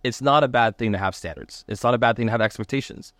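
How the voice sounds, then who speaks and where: Man, mid pitch, dry close mic; relaxed, profane co-host. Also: fast, no room sound. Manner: relaxed, profane, laughs along. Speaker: barbecue pitmaster, co-host. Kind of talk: casual chat. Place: restaurant kitchen.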